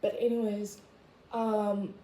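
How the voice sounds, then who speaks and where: A teenage girl ranting casually to her camera at home, chatty and animated, with lots of "like" fillers. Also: mid-range voice, slow, slight background noise. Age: teens. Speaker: vlogger. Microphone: camera or phone mic. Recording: echoey room.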